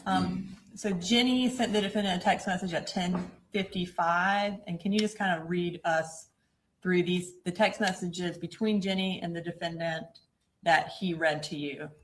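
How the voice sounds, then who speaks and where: A woman prosecutor questioning a witness in a courtroom in a measured, procedural way. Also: on the low side, fairly even intonation, slight background noise, poor audio.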